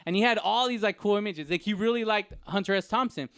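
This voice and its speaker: Excitable guy rambling on a podcast, high smooth voice, totally dry sound. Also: fast, dry recording. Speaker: podcast co-host. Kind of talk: casual chat.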